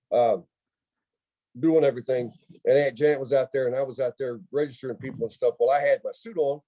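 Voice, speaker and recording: A man co-hosting a casual podcast, telling lively family stories with laughter. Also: mid-range voice, dry recording. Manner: laughing, animated storyteller. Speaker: podcast co-host. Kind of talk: casual storytelling chat.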